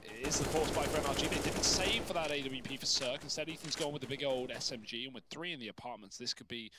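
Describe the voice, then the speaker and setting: A man's voice: medium pitch, fast, heavy background noise. A man casting a competitive shooter match live, calling play-by-play and trading jokes with his co-caster. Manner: excitable, jokey banter. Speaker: esports caster. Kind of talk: play-by-play commentary.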